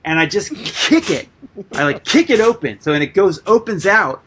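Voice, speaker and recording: Animated, swearing man telling stories. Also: high voice, moderate pace, slight background noise. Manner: animated storyteller, swears freely, full of "like". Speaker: guest artist and musician. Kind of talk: casual storytelling interview.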